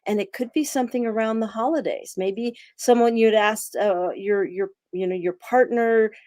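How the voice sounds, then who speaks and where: A woman co-hosting a wellness talk, explaining steps in a slow, deliberate way. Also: a little high, dark tone, no echo, studio quality.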